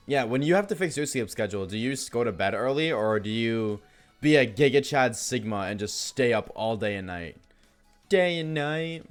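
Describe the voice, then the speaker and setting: A man's voice: mid-range voice, animated, normal speed, clean tone, soft background music. Tired, yawning male streamer. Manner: rambling, jokey, talks to chat. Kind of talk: casual live-stream chat while gaming.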